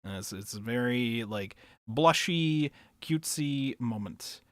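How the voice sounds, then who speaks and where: A man hosting a casual book club chat, recapping scenes and acting out lines in a high voice, swearing now and then. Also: lively intonation, slow, no echo, studio quality. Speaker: podcast host.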